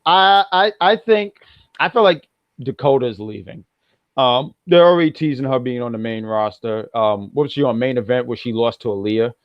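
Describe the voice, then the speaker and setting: A man co-hosting a casual wrestling review podcast, rambling with many restarts and bursts of loud excitement. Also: mid-range voice, normal speed, no room sound, muffled recording. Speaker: podcast co-host.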